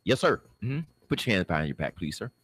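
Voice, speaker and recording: A man voicing a matter-of-fact police officer in a spoken story, raising his pitch for the part. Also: sing-song, fast talker, a bit bright, slightly rough, no echo, full character voice. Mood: curt.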